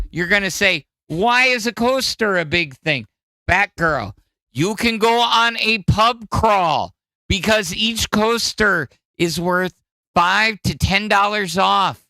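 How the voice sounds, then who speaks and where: A man from Wisconsin with a Midwestern accent, hosting a podcast and pitching gifts in a hyped salesman style. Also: bright, forceful tone, no room sound. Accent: Midwestern American. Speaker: podcast host. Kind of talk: casual chat, gift pitches.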